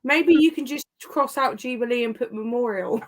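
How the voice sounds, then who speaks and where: A woman, chatting casually and laughing often. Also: on the high side. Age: 30s. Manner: giggly, chatty, quick to laugh. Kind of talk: casual chat.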